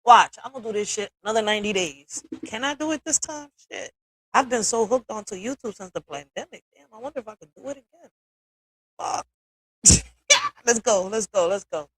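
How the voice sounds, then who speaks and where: A woman hosting a casual livestream, candid and quick to swear and laugh. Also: mid-range voice, breathy edge, no echo, poor audio. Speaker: livestream host.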